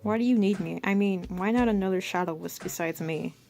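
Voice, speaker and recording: A woman reading aloud the lines of a snarky teenage boy who controls shadows, in a plain, flat read-aloud voice. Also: medium pitch, brisk, gravelly, soft background music, close to an everyday voice. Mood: annoyed.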